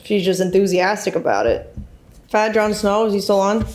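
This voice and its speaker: A woman's voice: medium pitch, lively intonation, normal speed, darkish tone. A woman streamer in casual chat, giving blunt and frank advice to a caller and giggling now and then.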